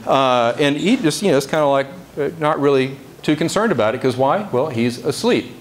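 A man's voice: mid-range voice, expressive, fairly quick, slight background noise. A man giving a casual, conversational sermon in a church service, often checking in with the congregation. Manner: conversational, chatty asides, frequent "right?" to the congregation. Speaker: preacher.

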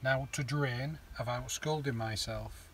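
A man's voice: medium pitch, unhurried, a bit bright, a little hiss or hum, poor audio. Joking man grumbling through a cooking vlog. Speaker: vlogger cooking in a camper van. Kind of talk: casual chat. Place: camper van outdoors at a campsite.

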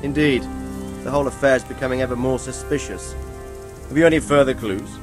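An actor playing a stern, dignified medieval lord in a video game, speaking in a formal, commanding way. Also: male voice, mid-range voice, steady tone, brisk, over music, close to an everyday voice. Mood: grave.

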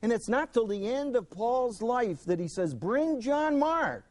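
A man teaches a Bible lesson dramatically at a moderate pace, his voice sitting high. He swings from loud emphasis down to a near hush and acts out the quoted people in the stories.

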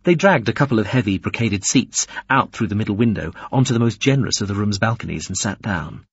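A man narrating an audiobook in an expressive, varied reading. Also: fairly low pitch, fast, husky, dry recording, highs cut off. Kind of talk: scripted narration.

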